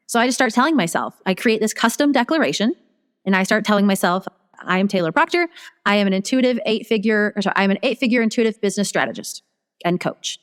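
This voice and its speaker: A woman guest, a business strategist, tells her story animatedly on a casual interview, acting out her own inner dialogue. Her voice is medium-pitched and fast, trailing a long reverb tail.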